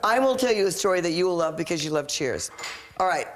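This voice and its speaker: An older woman telling a story in casual chat, animated and dramatic as she acts out the voices. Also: fairly low pitch, quick pace. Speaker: reality show housemate.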